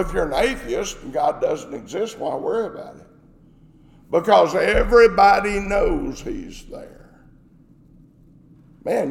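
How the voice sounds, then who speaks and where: A man's voice: on the high side, gravelly. A man preaching a sermon, emphatic and repeating his phrases for stress. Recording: echoey hall with long reverb.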